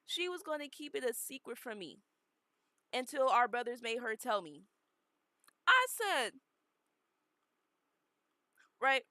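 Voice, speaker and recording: Animated young woman, bright forceful voice. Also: fairly high pitch, normal speed, no room sound. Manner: animated, emphatic, dramatic retelling. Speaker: streamer. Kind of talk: casual storytelling on a stream.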